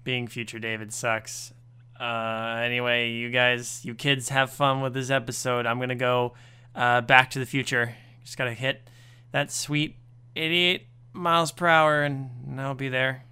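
A man's voice: mid-range voice, completely flat delivery, normal speed, pushed and bright, clean tone. A man co-hosting a podcast, making a casual announcement in a tired, wry, sing-song way. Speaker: podcast co-host.

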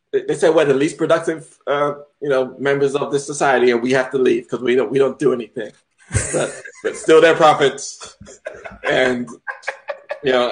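Man, improv comedy, hesitant, stammering, middle pitch. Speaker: improv performer.

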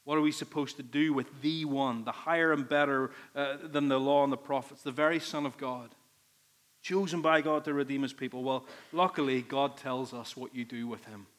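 A man's voice: fairly high pitch, normal speed, a bit bright. A man preaching a sermon, earnest and emphatic, leaning on repeated phrases. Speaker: pastor.

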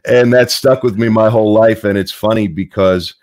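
A man's voice: lowish voice, fairly even intonation, normal speed, a little mellow, no echo, studio quality. A man hosting a casual chat, talking in a reflective way and moving the conversation along. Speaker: host.

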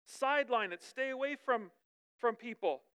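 A woman preacher giving a conversational sermon, lively and chatty, often checking in with her listeners. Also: a little high, normal speed, clear, resonant tone.

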